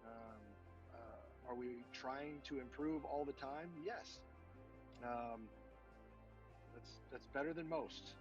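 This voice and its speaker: A man's voice: mid-range voice, takes it slowly, pauses often, highs cut off, music in the background. A man who served in the military, talking earnestly in an interview with many fillers and restarts. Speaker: veteran guest. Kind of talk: casual interview talk.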